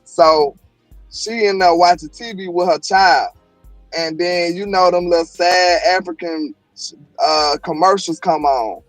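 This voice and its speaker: High-voiced man telling a joke story. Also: a little slow, dry recording, faint music behind, rough recording. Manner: joking storyteller, streetwise slang. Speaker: host. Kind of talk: casual sports chat.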